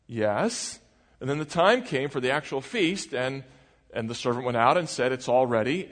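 A male pastor giving a sermon in a conversational way, asking the congregation questions as he goes. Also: mid-range voice. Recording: long reverb of a large hall.

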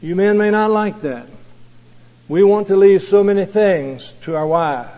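A man preaching an earnest sermon as a pastor, slow and measured, leaning on key phrases. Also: high voice. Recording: dull lo-fi recording with long hall reverb.

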